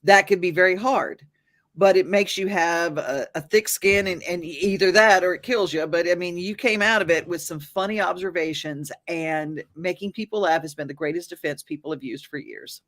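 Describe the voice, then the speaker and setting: A woman's voice: on the low side, normal speed, a bit bright. A woman hosting a live interview show who speaks enthusiastically and laughs often with her guest. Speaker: talk show host.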